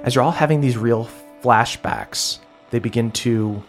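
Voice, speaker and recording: A man's voice: mid-range voice, a little slow, faint music behind. A man narrating as game master in a tabletop game, describing scenes casually with lots of fillers.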